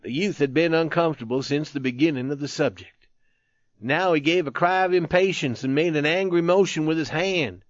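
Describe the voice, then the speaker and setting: A man narrating a war story in a measured, even audiobook style. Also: on the high side, dry recording, muffled recording.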